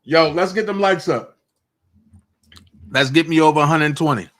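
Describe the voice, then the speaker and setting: A man's voice: a little high, moderate pace, a bit bright. Emphatic man streaming commentary. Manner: emphatic, repeats points to drive them home; confrontational, talks straight to viewers. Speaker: online commentator. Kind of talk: casual livestream commentary.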